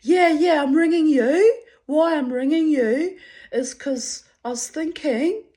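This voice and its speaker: A man's voice: extremely high pitch, takes it slowly, mellow, pitched above the performer's own voice, heavily acted. A woman voicing a cheeky, anxious man who stammers and wheedles on the phone from a pub. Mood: wheedling.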